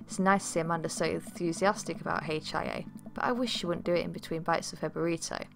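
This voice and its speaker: A woman's voice: lowish voice, steady tone, quick pace, creaky, background noise. A woman voicing a teasing, sentimental single father in a dating game. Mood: fatherly. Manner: warm, teasing, easily moved. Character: doting, sentimental single dad.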